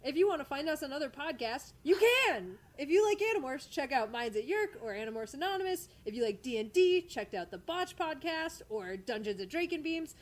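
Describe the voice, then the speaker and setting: A woman's voice: high-pitched, big pitch swings, fairly quick, hardly any pauses. A woman co-hosting a podcast, reading the closing credits in casual chat and often breaking into laughter. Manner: giggly, keeps breaking into laughter. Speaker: podcast co-host.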